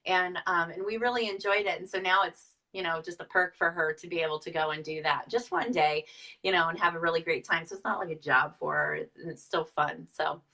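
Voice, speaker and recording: A woman in her thirties talks through business tips in a chatty, easygoing way, full of fillers and restarts. Her voice sounds bright and crisp. She is picked up from a distance, away from the microphone. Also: lowish voice, fairly quick. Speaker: Tupperware director. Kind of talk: casual business advice talk.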